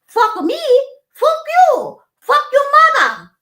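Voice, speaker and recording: Woman voicing a rude waitress, broken English, shrill, shouting, choppy phrases, gravelly edge. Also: very animated, very slow, full character voice. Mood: furious.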